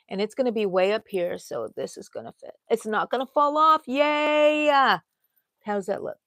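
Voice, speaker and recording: A woman's voice: medium pitch, no room sound. A middle-aged woman, hosting a casual crochet livestream, rambling and chatting with viewers as she works.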